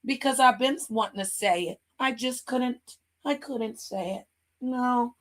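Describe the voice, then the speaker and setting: A woman's voice: a little high, a little slow. A woman hosting a livestream, giving casual profane commentary in a crude, mocking way and laughing often. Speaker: livestream host.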